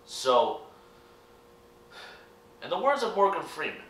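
This young man from the United States runs a YouTube reaction channel and offers his viewers a rambling, sincere opinion. His voice sits on the high side, a little bright and sing-song, and he takes his time; the room echoes and the mic is distant.

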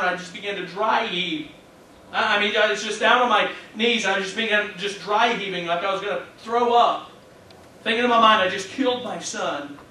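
A man in his thirties preaches in a high, bright voice, telling a personal story with earnest, heartfelt feeling and interjected praise. His voice carries with a heavy echo through a church sanctuary, picked up from some distance with a faint background hum. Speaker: pastor.

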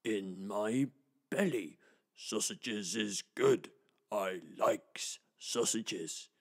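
A man voicing a slow, greedy, simple-minded male dog in a children's storybook, talking bluntly and ungrammatically. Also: fairly low pitch, vocal fry, full character voice. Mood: smug. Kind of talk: storybook reading.

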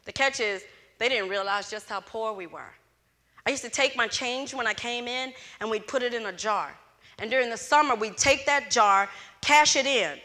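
A woman's voice: fairly high pitch, moderate pace. A middle-aged woman from Louisiana, telling her story in a motivational speech to students and acting out the dialogue with energy. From Louisiana, USA. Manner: animated storyteller who acts out dialogue. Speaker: closing speaker at a student event. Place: event hall with student audience. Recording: echoey hall.

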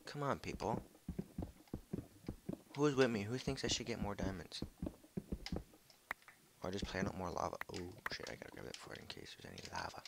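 Deep, gravelly young man gaming. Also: moderate pace, long pauses, slight background noise. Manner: excitable, swears a lot, jumpy. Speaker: gaming video creator. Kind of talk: casual gameplay commentary. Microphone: headset mic.

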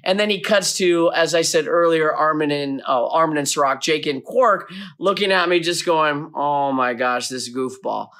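A man telling a behind-the-scenes anecdote in an animated storytelling way, acting out his own past lines. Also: fairly high pitch, normal speed, hardly any pauses.

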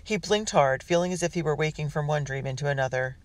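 A man's voice: fairly high pitch, quick pace, dry recording. A man narrating a children's adventure story, reading steadily with small slips and restarts. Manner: reads with small slips and restarts, voicing characters. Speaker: audiobook narrator. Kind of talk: scripted narration.

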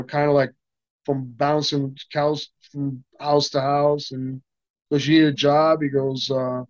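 A man's voice: a little high, no echo. An older man talks through a long story, with a lot of false starts. He slips into other people's lines as he goes. The sound is dry and a little muffled. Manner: rambling, many restarts, acts out quoted dialogue. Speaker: interview guest, stuntman. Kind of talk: casual anecdotal storytelling.

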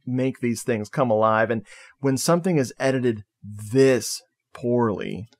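A man's voice: medium pitch, unhurried, darkish tone. A man co-hosting a casual podcast film review. He talks loosely, swears casually and laughs a lot. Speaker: podcast co-host.

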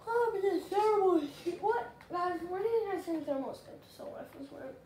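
A woman giving casual, rambling gameplay commentary, getting excitable and shouting at the game. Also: very high-pitched, normal speed. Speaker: gaming channel host. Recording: roomy and noisy.

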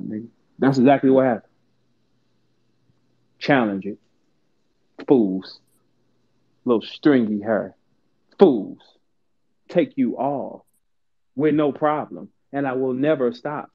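Taunting man on a tinny phone line. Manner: profane, taunting and boastful, swings from low mutters to high outbursts. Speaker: host of an online audio room. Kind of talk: heated live audio chat.

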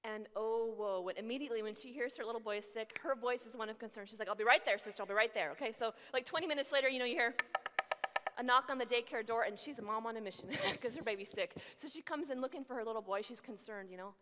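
A religious sister gives a keynote to a large crowd, telling stories with humor and acting out the voices in them. Her voice is bright and a little high. It carries through a big hall with long reverb. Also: fast talker, soft background music. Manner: lively, animated storyteller acting out voices.

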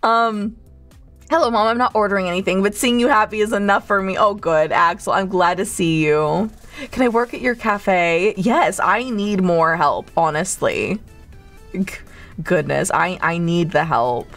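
A woman's voice: mid-range voice, unhurried, a bit bright, faint music behind. A woman streamer hosting a cozy barista role-play, reading chat aloud in a teasing, playfully motherly way. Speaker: VTuber streamer, host.

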